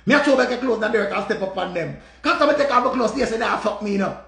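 A man with a Jamaican accent telling a story in an animated, profane rant and repeating his phrases. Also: very high voice, rapid-fire, vocal fry, roomy sound. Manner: repetitive, profane, dramatic retelling. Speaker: vlogger.

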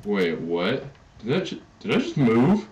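A man's voice: medium pitch, huge pitch swings, measured pace, a little mellow, recorded from a distance, muffled recording. A man commenting on a horror game as he plays, jumpy and nervous, swearing and joking through the scares. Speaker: gaming YouTuber.

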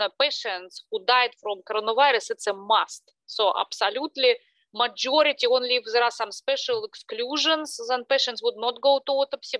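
A woman's voice: on the high side, a bit bright, dry recording, poor audio. Russian-accented woman, hesitant host. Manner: hesitant, many fillers. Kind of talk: interview questions.

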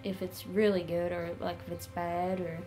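A woman's voice: fairly low pitch, flat delivery, moderate pace, warm tone, faint music behind. A woman speaking hesitantly and earnestly, asking investigators for help. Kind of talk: casual interview.

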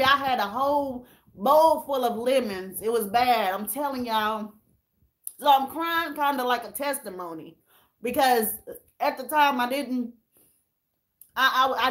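A woman's voice: high-pitched, fairly bright tone, slight background noise. A woman hosting a casual livestream, tearful and candid as she talks straight to her viewers and reads their comments. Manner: candid and emotional, addressing viewers as y'all.

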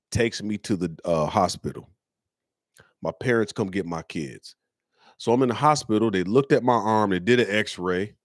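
A man's voice: deep voice, no echo, clean studio sound. A man hosting his own show, telling a personal story in an earnest, casual, slangy way. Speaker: host.

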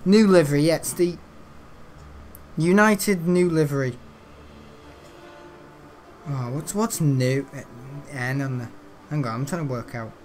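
A rambling man chatting through a gameplay session, his voice sitting a little high. He swears casually and loses his train of thought. A faint hiss of background noise sits under the recording. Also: a little slow, long pauses, a little mellow. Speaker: gaming channel host.

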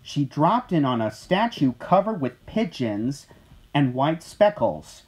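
This is a gentle, expressive reading of a children's picture book. The pace is unhurried and the voice is a little breathy. The pitch rises and falls in a singsong way. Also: poor audio. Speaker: storyteller. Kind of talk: storybook read-aloud.

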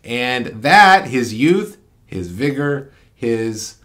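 A man co-hosting a relaxed boxing talk show, voice sitting at an ordinary middle pitch. He argues his opinions emphatically and slips in quick asides as he goes. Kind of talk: casual chat.

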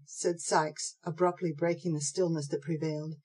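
A woman narrating an audiobook of a classic novel in a steady, measured way. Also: low voice, slightly rough, low-quality recording. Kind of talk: scripted narration.

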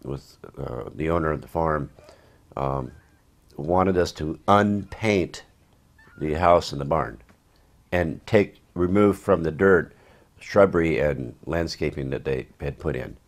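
A man's voice: extremely low pitch, takes it slowly. A man, an actor in an interview, telling rambling anecdotes in a casual, wry way with dry asides.

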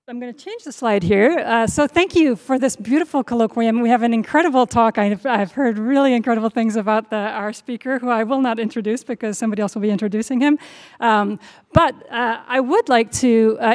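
Middle-aged woman, event host, slightly high voice, stumbling, thankful remarks. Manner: warm, halting, with frequent fillers and self-corrections. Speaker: honors program host. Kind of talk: university lecture welcome remarks.

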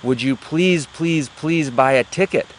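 A man doing a saint statue, patient and wry, speaking gently, voice lifted high and loud. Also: unhurried, a little hiss or hum, natural voice.

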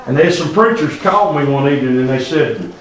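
A man preaching a revival sermon, swinging from hushed tones to near-shouting. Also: a little high, expressive, brisk, recorded from a distance. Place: church sanctuary. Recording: very echoey church room.

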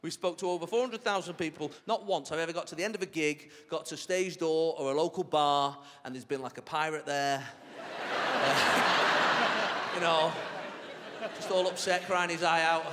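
A man's voice: a little high, normal speed. A man doing a stand-up comedy set on a theatre stage, chatty and cheeky as he tells stories to the crowd. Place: large theatre stage with a laughing audience. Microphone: stage microphone. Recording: live hall reverb with crowd noise.

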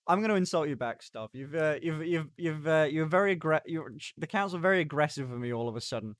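A man's voice: fairly high pitch, expressive, fast talker, no echo, clean studio sound. A young man chatting casually on a live stream, rambling and stopping and starting as he reacts to chat. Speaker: livestreamer.

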